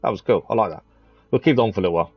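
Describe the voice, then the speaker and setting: A man's voice: on the low side, rapid-fire, breathy edge, no echo, highs cut off, faint music behind. A man from the East of England chatting casually as he plays a game on stream, thinking aloud with plenty of ums. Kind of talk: casual gameplay commentary.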